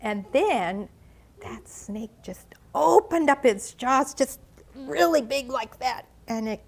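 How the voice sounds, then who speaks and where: A woman's voice: sits high, lively intonation, vocal fry. An older woman telling a story dramatically at a ministry gathering, gasping, sighing and stretching out the suspense. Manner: dramatic, with gasps, sighs and drawn-out pauses. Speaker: ministry speaker. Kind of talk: animated children's storytelling. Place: church gathering.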